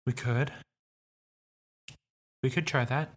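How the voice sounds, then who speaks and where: A man's voice: medium pitch, steady tone, slow. Easygoing man playing a tabletop game. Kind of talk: casual in-character play.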